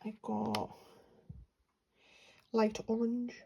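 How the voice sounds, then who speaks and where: A woman's voice: on the high side, completely flat delivery, extremely slow, gravelly, warm tone, muffled recording, slight background noise. A young woman from England chatting casually about her paints, rambling with lots of fillers. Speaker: art vlogger. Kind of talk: casual chat while swatching paints.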